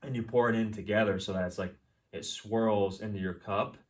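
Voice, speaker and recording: A man co-hosting a podcast, telling animated stories in casual chat, swearing and acting out the people in them. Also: on the low side, normal speed, far from the mic. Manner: animated storyteller, swearing, acts out voices. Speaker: podcast co-host.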